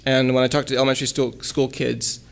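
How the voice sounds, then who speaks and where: A man giving a relaxed lecture at a college, hesitating often with ums and restarts and reading his own poems aloud. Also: medium pitch, fast talker, gravelly, smooth. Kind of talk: casual lecture with poem readings.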